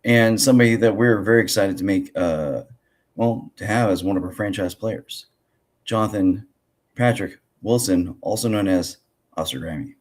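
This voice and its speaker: A hoarse man with a very low voice hosts a casual podcast. He sounds froggy from a cold and rambles along with plenty of fillers and restarts. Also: moderate pace. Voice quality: froggy, gravelly. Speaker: podcast host.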